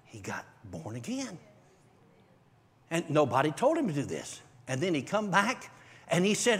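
Man, church testimony, high voice, animated storytelling. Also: unhurried, long pauses, husky. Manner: animated storytelling, bursts of shouting and laughter. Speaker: preacher giving testimony. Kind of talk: preaching testimony to a congregation. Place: church service.

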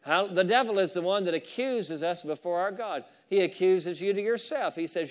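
A man preaching a fervent sermon, with asides to the congregation and rising shouts of praise. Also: sits high, animated, brisk, few pauses. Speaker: pastor.

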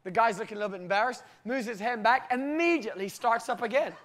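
A British preacher gives a sermon centered on a personal story, speaking in a voice that sits very high for a man. He's animated, laughs frequently, and talks fast.

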